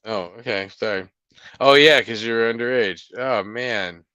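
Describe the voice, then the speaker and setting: A man's voice: mid-range voice, a little slow, bright, forceful tone, smooth, no room sound, highs cut off. A man in his forties co-hosting a casual podcast, joking and teasing his co-host. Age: 40s. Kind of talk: casual chat.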